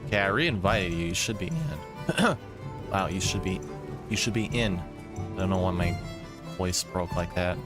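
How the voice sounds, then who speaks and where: A man's voice: deep voice, fairly even intonation, moderate pace. A man livestreaming a video game, chatting casually and rambling with lots of fillers. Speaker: game streamer. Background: game music.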